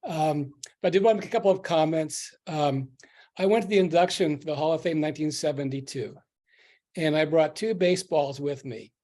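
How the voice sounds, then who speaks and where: A man's voice: fairly high pitch, fairly quick, dark tone. A man from the audience, earnestly thanking the speakers and sharing a memory. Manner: earnest, grateful, reminiscing. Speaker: audience member. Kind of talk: casual comment in a video session.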